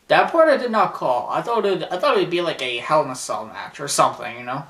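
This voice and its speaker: A man chats loosely on his vlog and laughs often, circling back through his sentences. His voice is bright and a little off-mic, and a roomy echo surrounds it. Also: fairly high pitch, expressive, fairly quick, few pauses, distant mic. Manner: rambling, laughs often, many fillers and restarts. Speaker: vlogger recapping a wrestling show. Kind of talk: casual chat.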